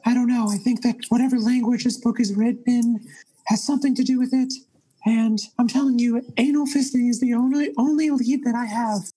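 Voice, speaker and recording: A man's voice: very high voice, steady tone, brisk, dark tone, husky, low-quality recording. A man voicing a small, pompous, very old author who stammers and pushes. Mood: pleading. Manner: pretentious, pushy, stammering. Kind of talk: tabletop role-play.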